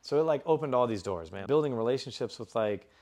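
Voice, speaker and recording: A man in his forties from Dallas, Texas, sits in as a guest and talks through old stories. He speaks loosely and swears freely, with dude and man sprinkled through every sentence. His voice sits at an ordinary pitch for a man. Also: expressive, fast talker, a little mellow. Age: 40s. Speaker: interview guest, DJ. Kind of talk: casual storytelling interview.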